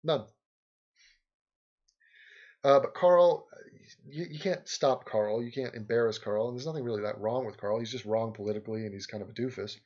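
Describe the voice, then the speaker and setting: A man's voice: mid-range voice, moderate pace, long pauses, a little mellow, dull audio. A man hosting a livestream, rambling sarcastically in casual chat and game commentary, often laughing. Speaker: livestream host.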